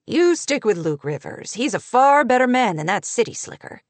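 A blunt, hearty small-town butcher offering advice, as a woman narrator puts him on. The voice is raised and loud. Dry, close sound. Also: a little high, big pitch swings, normal speed, no echo, pitched above the performer's own voice.

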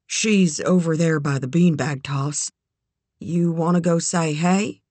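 A woman voicing a shy, polite eighteen-year-old young man in a low, quiet voice. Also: slow, no room sound.

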